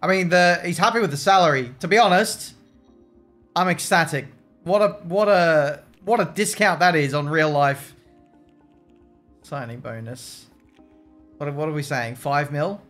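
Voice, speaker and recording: A man's voice: on the high side, a little slow, long pauses, a bit bright, soft background music. A man streaming a racing management game, joking, swearing and talking to his chat. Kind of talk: casual gameplay commentary.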